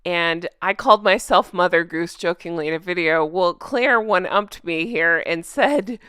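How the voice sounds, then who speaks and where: A woman vlogger talks straight into a close microphone in casual, sarcastic commentary. Her voice is smooth and clear, dry with no room sound, and she stays animated and laughs often. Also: lowish voice, measured pace, few pauses, no room sound. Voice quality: self-described drunk-goose voice.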